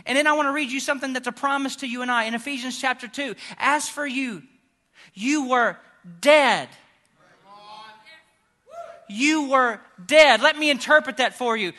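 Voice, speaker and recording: A man preaching a sermon with fervor, swinging from shouts down to hushed, quiet passages. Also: extremely high pitch. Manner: impassioned, rising to shouts and dropping to hushed tones.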